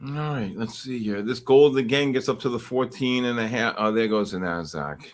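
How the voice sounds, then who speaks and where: A man hosting a live trading stream, calling price levels and teasing viewers in chat with excitable, repetitive banter. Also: medium pitch, moderate pace. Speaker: livestream trading host.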